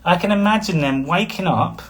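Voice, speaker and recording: A man's voice: high-pitched, normal speed. A man, a spiritual coach talking casually on a live stream, rambling and blunt, with frequent chuckles. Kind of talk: casual livestream talk.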